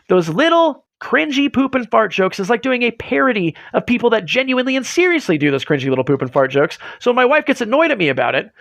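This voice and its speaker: This livestream host is a man with a very high, gravelly, slightly bright voice, recorded in studio quality with no echo. He rambles goofily and mocks himself in a casual stream, and his voice grows strained.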